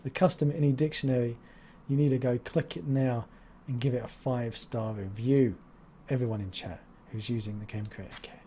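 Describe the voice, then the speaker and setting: A man's voice: mid-range voice, fairly even intonation, moderate pace, mellow, a little hiss or hum. A man hosting a live-stream interview, chatty and jokey, rambling from topic to topic. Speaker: stream host.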